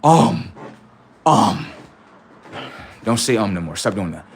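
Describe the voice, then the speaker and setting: On his livestream, a male host uses slangy, casual talk, preaches with rhetorical questions, and acts out both parts of made-up exchanges. He has a low voice and talks fast.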